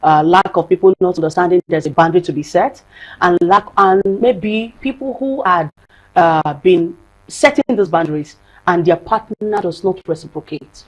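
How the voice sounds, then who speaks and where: A woman's voice: fairly low pitch, animated, normal speed, poor audio. A woman, a psychologist and marriage counselor speaking as a guest on a studio talk show, earnest and emphatic, repeating phrases for stress.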